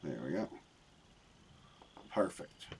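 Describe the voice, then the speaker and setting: A man's voice: takes it slowly, darkish tone, slight background noise. A man chatting casually and profanely while streaming a game. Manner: rambling, profane, easygoing. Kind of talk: casual live-stream chat.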